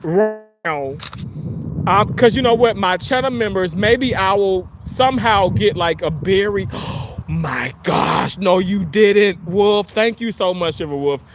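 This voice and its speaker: A man's voice: high voice, animated, measured pace. A man hosting a casual livestream. He reads viewer comments in a crude, giggly, playful way. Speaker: livestream host.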